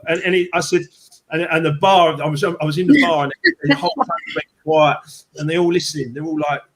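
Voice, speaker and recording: A man hosting a live book club, telling an excitable, rambling anecdote with many restarts. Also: on the high side, brisk. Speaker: book club host and author. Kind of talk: animated storytelling on a live stream.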